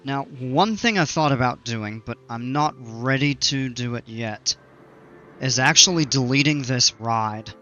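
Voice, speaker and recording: A man's voice: medium pitch, a little slow, pushed and bright, highs cut off, soft background music. A man giving casual gameplay commentary, rambling and self-mocking with many fillers. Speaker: game channel host.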